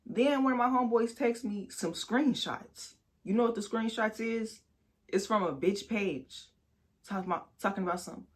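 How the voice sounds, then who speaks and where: A young woman telling a personal story on her vlog, talking frankly and with lots of swearing, speaking straight to her viewers and sometimes bursting into loud, high outrage. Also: normal speed. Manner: candid, profane storytelling that addresses viewers directly. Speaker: vlogger.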